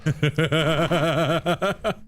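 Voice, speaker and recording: A man's voice: fairly high pitch, fairly even intonation, drawn-out words, fairly bright tone. A British man chatting casually on a live stream, wry and sarcastic as he answers his chat. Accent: British English. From Britain.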